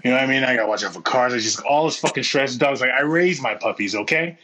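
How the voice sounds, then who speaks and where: A man co-hosts a podcast, telling stories in a casual way with plenty of swearing and laughter while acting out the people in them. His voice is medium in pitch, fast and sharp-toned, with a little hiss or hum on the recording.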